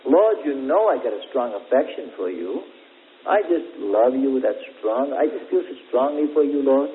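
A preacher playing an ashamed apostle who confesses his failure in a soft, halting way. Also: mid-range voice, lively intonation, slight background noise, close to an everyday voice. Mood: earnest. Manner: halting, soft, self-reproaching. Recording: tinny lo-fi radio broadcast.

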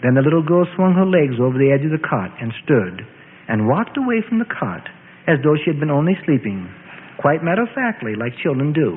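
A man reading a scripture story aloud in an expressive, dramatic storytelling way. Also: on the high side, fairly quick, slight background noise. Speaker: narrator. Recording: tinny, echoey lo-fi radio audio.

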